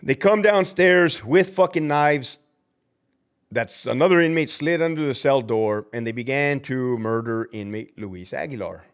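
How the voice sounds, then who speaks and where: His voice is animated yet unhurried and smooth as he hosts a livestream in his role as a prison guard. He's blunt, fired-up and profane, acting out quoted people with large swings in pitch.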